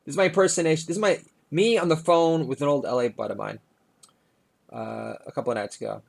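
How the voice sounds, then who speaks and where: A man's voice: fairly high pitch, steady tone, quick pace, creaky. Sardonic middle-aged male comedian. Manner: sardonic, filler-heavy delivery with frequent "uh". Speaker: comedian and podcast host. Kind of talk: rambling comedic monologue.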